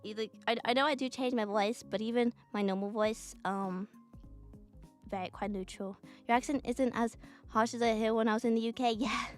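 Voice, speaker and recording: A young woman streams in a neutral British accent, her voice sitting a little high as she rambles, giggles and swears offhand while drawing. Soft music plays faintly under her talk. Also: steady tone, normal speed.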